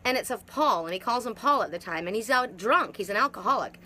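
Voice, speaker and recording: A woman's voice: fairly high pitch, lively intonation, fast talker, pushed and bright, slight background noise. A middle-aged woman giving an emphatic, repetitive spiritual monologue as a twin soul facilitator, speaking outdoors. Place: outdoors in hot humid weather.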